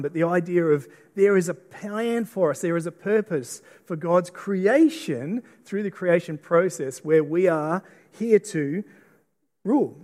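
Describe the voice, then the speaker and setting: A man's voice: a little high, mellow. A middle-aged man with an Australian accent preaching a sermon in a church auditorium, earnest, often repeating and restarting words. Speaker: pastor. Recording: long reverb of a church hall.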